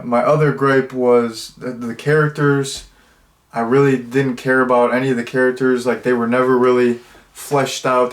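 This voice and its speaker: Young male reviewer, mid-range voice, loose and rambling, full of filler words. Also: medium pitch. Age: 20s. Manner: rambling, heavy with fillers and restarts. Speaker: movie reviewer. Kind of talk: casual spoken review.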